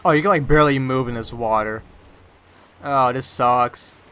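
A young man plays a video game and comments casually, rambling with constant "like" and startled outbursts. His mid-range voice moves at normal speed and sounds a bit bright and smooth.

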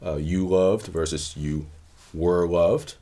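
A man giving a recorded lecture on grammar, measured and explanatory, often checking in with "right?". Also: low voice, dark tone.

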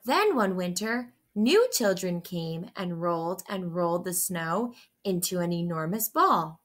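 Slow, expressive woman reading a picture book. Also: lowish voice. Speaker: storyteller. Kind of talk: children's picture book read-aloud.

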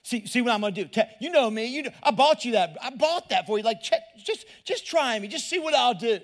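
A middle-aged man with a drawl preaches a sermon in a high voice for a man. He talks to the crowd like a friend, doubles back over his words and keeps asking them questions. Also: animated, a little fast. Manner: conversational, repeats words, asks the crowd questions. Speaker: pastor.

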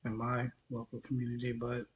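A man's voice: medium pitch, monotone, fairly quick. Tired man rambling on a vlog. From Mississippi, USA. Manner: loose and rambling, stumbling over words. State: tired, dehydrated after the gym. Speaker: news vlogger. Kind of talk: casual commentary vlog.

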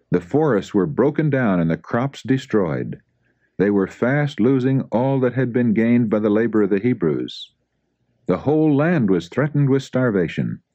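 Solemn low-voiced male audiobook reader. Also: dark tone, no room sound, highs cut off. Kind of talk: scripted narration of a religious book.

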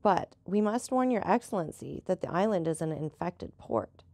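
Woman reading as a calm seasoned sea captain. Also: fairly low pitch, normal speed, creaky, dry recording. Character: seasoned male boat captain, calm and knowing.

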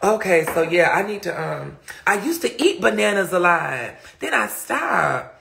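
A man's voice: high voice, unhurried, creaky, a little hiss or hum. A man live-streaming casually, telling stories to viewers in a sassy, dramatic way. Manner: animated, dramatic storytelling with lots of laughing; sassy, slangy, talks straight to viewers. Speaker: livestreamer.

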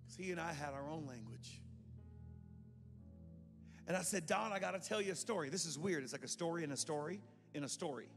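A man preaching a sermon, telling a story and acting out the voices in it, swinging from hushed tones to shouts. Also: fairly high pitch, fairly quick, vocal fry, long pauses. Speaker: pastor. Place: church sanctuary. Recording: long hall reverb with faint music.

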